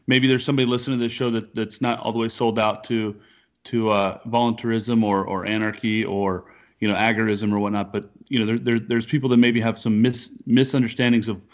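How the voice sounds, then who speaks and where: A man with a mid-range voice hosts a podcast from his living room, and the audio has its highs cut off. He chats casually in loose, rambling sentences, often restarting his thoughts.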